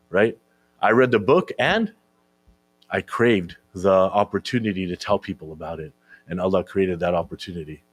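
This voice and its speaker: Low-voiced man giving an informal sermon. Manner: conversational, keeps asking "right?"; repeats words when searching for them. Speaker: speaker at a religious gathering. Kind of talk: informal sermon to young listeners.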